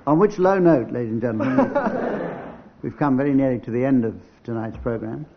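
A man's voice: medium pitch, expressive, a little fast, vocal fry. Wry radio quiz chairman, lo-fi hiss. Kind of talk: hosting a radio comedy panel game.

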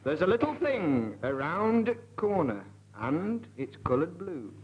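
A man's voice: sits high, sing-song, unhurried. A man, a comedy panelist trading playful puns and verse. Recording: dull, noisy audience recording.

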